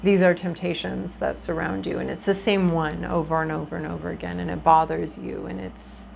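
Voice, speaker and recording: A woman's voice: fairly low pitch, level tone, fairly quick, creaky, a little mellow, a little hiss or hum, poor audio. A woman giving a casual tarot reading to her viewers, talking in a chatty, reflective way with frequent ums and restarts. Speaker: tarot reader.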